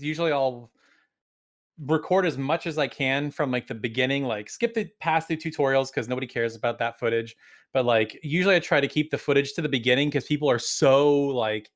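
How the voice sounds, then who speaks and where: Young male game reviewer, relaxed podcast banter, mid-range voice. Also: mid-range voice. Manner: relaxed, laughs often, many filler "like"s. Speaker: game reviewer and video creator. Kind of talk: casual podcast chat.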